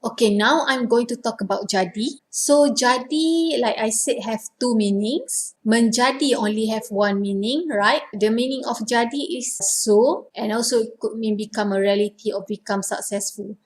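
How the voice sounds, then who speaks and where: A woman with a Malaysian accent teaching her native Malay in English, explaining patiently and acting out example phrases with lively intonation. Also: on the high side, moderate pace, few pauses. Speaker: language teacher. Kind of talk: casual teaching monologue.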